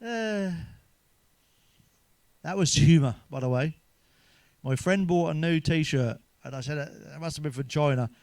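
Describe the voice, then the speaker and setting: A middle-aged man rattles off crude one-liners with plenty of swearing and chuckles at his own gags. His voice sits a touch high for a man and sounds dry and close, with no room around it. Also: a little slow, creaky, pauses often, darkish tone, no room sound. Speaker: stand-up comedian. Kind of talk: stand-up jokes told to camera.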